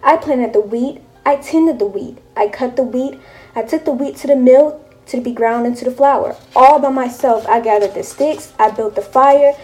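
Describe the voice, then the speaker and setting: A hardworking little red hen from a storybook, firm and emphatic, as a woman reader puts her on. Her voice rides high yet stays mellow and warm, pressing each question and claim. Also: normal speed, lightly acted, low-quality recording. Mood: proud. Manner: higher, louder and emphatic in the hen's lines.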